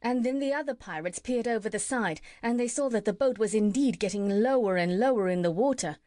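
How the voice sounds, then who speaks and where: A woman narrating a classic children's story as an audiobook reader, steady and clear. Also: mid-range voice, a little fast, dry recording. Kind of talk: scripted narration.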